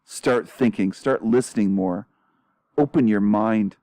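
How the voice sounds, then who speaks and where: A man's voice: lowish voice, unhurried, dark tone, dry recording. A man hosting his own channel, commenting on a played clip in a confrontational way and repeating rhetorical questions.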